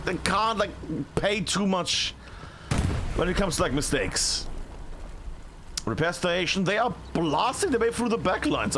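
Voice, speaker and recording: A man giving live play-by-play commentary on a video game match, chatty and excitable with many fillers. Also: high voice, background noise. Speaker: esports caster.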